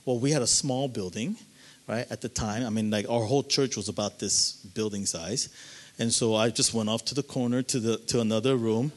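A male pastor telling a story in a sermon, animated and swinging between loud and hushed. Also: lowish voice, fairly quick.

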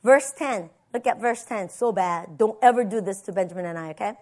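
A woman's voice: mid-range voice, fairly quick, darkish tone. A woman pastor giving a conversational sermon, telling personal stories and often checking in with "right?". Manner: personal storytelling, tags lines with "right?".

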